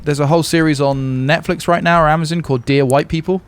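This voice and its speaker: A man's voice: a little high, fairly even intonation, fast, clear, resonant tone. Guy rambling while playing a game, lots of false starts, headset mic. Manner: hesitant, many restarts, musing. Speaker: gaming channel host. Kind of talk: casual chat while gaming.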